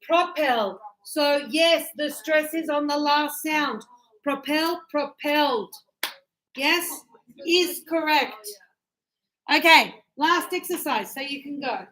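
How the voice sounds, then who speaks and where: A woman's voice: high-pitched, takes it slowly, pushed and bright. A woman teaching an English class, explaining patiently and acting out examples. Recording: echoey classroom.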